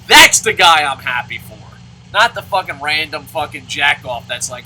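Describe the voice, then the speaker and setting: A man's voice: fairly high pitch, very animated, normal speed, pushed and bright, slight background noise, poor audio. A man hosting a let's play, commenting on a baseball game and answering viewer comments in a profane, ranting way.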